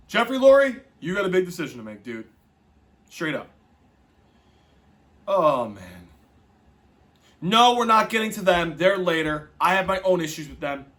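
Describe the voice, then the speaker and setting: Fired-up, bright-voiced male sports podcaster. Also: high voice. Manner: exasperated, profane, emphatic. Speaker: podcast host. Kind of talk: casual sports podcast rant.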